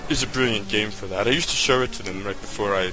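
A man doing calm, mock-serious comedic commentary over a video game, keeping his voice subdued. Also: fairly low pitch, quick pace, low-quality recording. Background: faint game music.

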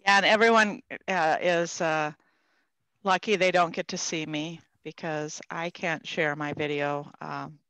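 A woman's voice: sits low, fairly even intonation, measured pace, fairly bright tone, no room sound, low-quality recording. A woman who works as a city clerk, chatting on a video call in a chatty, self-joking way. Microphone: computer mic on a video call.

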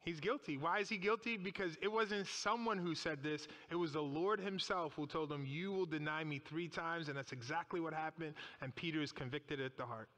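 A man preaches a sermon in a church, retelling scripture with drama and firing off rhetorical questions. His voice is high and bright, and every phrase rings on through the long reverb of the hall. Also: a little fast, hardly any pauses.

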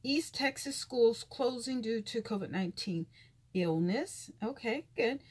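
A woman's voice: fairly high pitch, animated, a little slow, slightly rough. A woman vlogger reading news headlines aloud and adding blunt, profane comments with sighs and asides.

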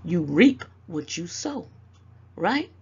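Through a muffled recording with a little hiss or hum, an older Southern US woman on YouTube gives motherly, scolding advice to camera, calling people "baby." She speaks slowly in a lowish, slightly mellow voice with big pitch swings.

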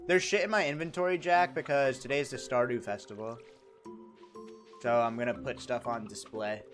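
A man's voice: medium pitch, fairly even intonation, normal speed, music in the background. A young man livestreaming a farming game, chatting casually and jokingly with his chat, rambling and reacting to messages.

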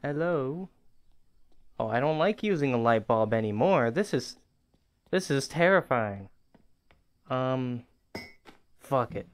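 A man's voice: medium pitch, expressive, slow pace, pauses often, clear, resonant tone. A man hosting a gaming channel, giving chatty, rambling commentary as he plays, laughing often. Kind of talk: casual game commentary.

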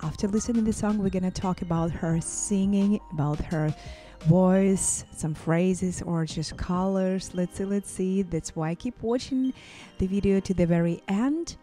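Excitable woman vocal coach reacting. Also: lowish voice, measured pace, soft background music. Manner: enthusiastic, exclaims often. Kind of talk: casual reaction commentary.

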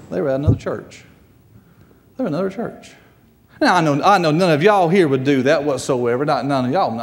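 Man, guest preacher, high pitch, reverberant sanctuary. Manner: repeats phrases, animated pitch swings. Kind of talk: sermon. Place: church sanctuary. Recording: church hall reverb.

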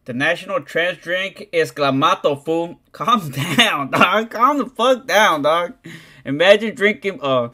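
A man's voice: high-pitched, expressive, unhurried, bright, forceful tone. A man, chatting casually on a livestream, rambling and swearing in heavy slang. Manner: profane, slangy, rambling, keeps saying "dog".

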